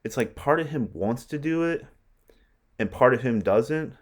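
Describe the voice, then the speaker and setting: A man's voice: mid-range voice, lively intonation, measured pace. A male literature teacher lecturing on a play in a conversational way, often checking in with his listeners. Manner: conversational, keeps checking with "right?".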